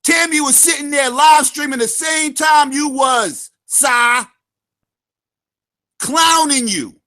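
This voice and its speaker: Vlog host, male, very high and tense voice, heated profane rant with frequent shouting. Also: slow. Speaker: channel host. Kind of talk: ranting vlog commentary.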